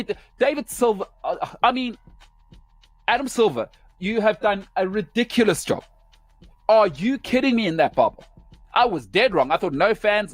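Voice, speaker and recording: A man's voice: high-pitched, no echo. A man hosting a sports show, delivering an opinionated rant in emphatic, punchy short phrases.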